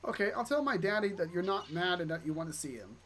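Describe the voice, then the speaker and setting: A shy, earnest little girl stumbles through her words with frequent pauses, voiced by a player reading along. The pitch sits in a middle range. There is faint noise underneath. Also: very animated, fairly bright tone. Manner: hesitant, full of ums.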